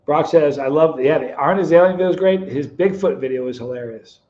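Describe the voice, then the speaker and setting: A middle-aged man with a fairly high voice hosts a casual live stream. He chats and teases his viewers by name. The sound is dull and a little lo-fi. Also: a little fast, darkish tone. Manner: chatty, teasing viewers by name, storytelling. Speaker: live stream host reading chat. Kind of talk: casual chat.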